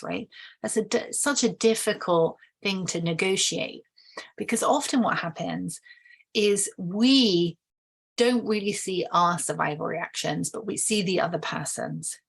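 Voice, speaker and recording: A woman's voice: medium pitch, creaky, husky. A woman explaining relationship conflict in a casual, thoughtful way, often restarting and briefly acting out what people say. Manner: thoughtful, acts out quoted voices, many restarts. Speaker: relationship educator.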